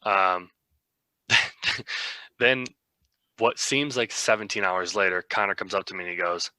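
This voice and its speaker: A man's voice: sits low, unhurried, bright, forceful tone, dry recording. A young man co-hosting a podcast, telling a rambling, self-mocking story in a casual way. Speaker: podcast co-host.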